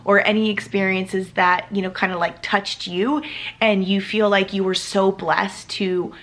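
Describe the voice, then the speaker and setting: A woman in her thirties vlogging to her viewers, an adoptive mother telling a personal story. She talks in a chatty, heartfelt way, full of fillers, and her voice has a gravelly, fry-tinged edge at a mid pitch. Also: flat delivery, unhurried, a bit bright. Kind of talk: casual storytelling to camera.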